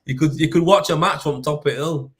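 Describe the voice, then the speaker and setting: A man's voice: a little high, fast talker. A man with a Yorkshire accent, hosting a casual chat show, full of banter, slang and frequent laughter. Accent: Yorkshire English. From Yorkshire, England. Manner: banter-heavy, laughing often, slang and swearing. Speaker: host.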